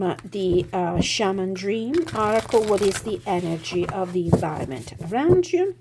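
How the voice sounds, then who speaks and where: A woman giving a casual tarot reading, slightly hoarse, speaking thoughtfully with many fillers and restarts. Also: mid-range voice, a little mellow. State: slightly hoarse, clearing throat. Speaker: tarot reader.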